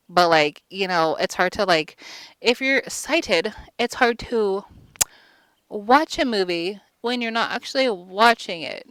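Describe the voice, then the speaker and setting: Bright-voiced woman doing a crude, rambling recap. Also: mid-range voice, clear, resonant tone, dry recording. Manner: crude, rambling, lots of fillers. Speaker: vlogger. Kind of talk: casual comedic movie recap.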